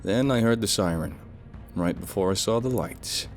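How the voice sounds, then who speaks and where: A man's voice: on the low side, moderate pace, soft background music. A man narrating a first-person horror story in a dramatic, lurid style.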